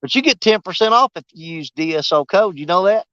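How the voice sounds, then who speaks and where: Here a fishing vlogger with a high, sharp, animated voice talks fairly fast, rambling and mocking himself as he sets up his rods outdoors. The sound is lo-fi, with no echo.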